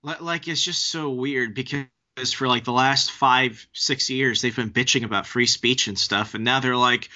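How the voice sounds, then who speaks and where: A man's voice: medium pitch, steady tone, bright, forceful tone. Exasperated male podcast host. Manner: exasperated, fast ranting with restarts. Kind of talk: casual chat. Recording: dull lo-fi podcast audio.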